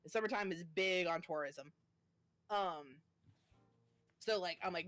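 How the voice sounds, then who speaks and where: A woman's voice: lowish voice, a little slow, pauses often, a bit bright, soft background music. A woman in her twenties, a guest on a stream, chatting casually and telling a story with lots of fillers.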